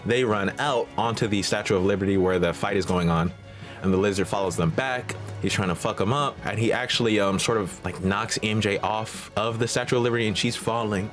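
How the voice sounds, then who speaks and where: Brisk and fairly low-pitched, this movie reaction host runs through the plot with slangy, profane street talk while faint music plays behind him.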